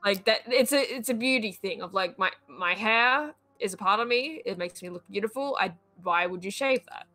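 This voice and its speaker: A woman's voice: medium pitch, normal speed, sharp tone. A woman co-hosting a casual chat, talking in a chatty way with lots of filler words. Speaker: co-host.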